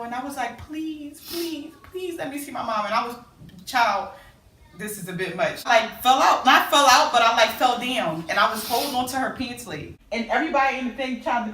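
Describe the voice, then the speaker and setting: A woman with a bright, pitched-up voice tells a painful personal story in an intense, emotional way. She acts out her own words and other people's. The room is echoey and she sits some way back from the mic. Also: recorded from a distance. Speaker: sister sharing a story.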